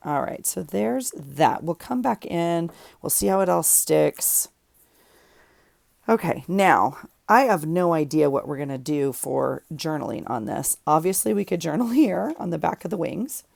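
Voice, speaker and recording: A woman's voice: low-pitched, animated, unhurried, creaky, a little mellow, no room sound. A woman vlogger chatting casually in her home craft room, rambling and thinking aloud as she works on a journal page. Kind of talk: casual chat while crafting.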